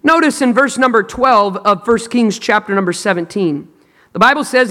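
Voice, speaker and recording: A male pastor preaching a sermon in a large auditorium. He speaks emphatically and swings between loud, dramatic lines and hushed ones, and calls on the congregation to respond. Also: high-pitched, moderate pace. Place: large auditorium with long reverb. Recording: long hall reverb.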